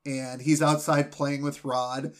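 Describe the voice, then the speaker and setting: A man's voice: fairly high pitch, level tone, slow pace. A man co-hosting a podcast in casual chat, rambling through recaps and laughing often. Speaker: podcast co-host.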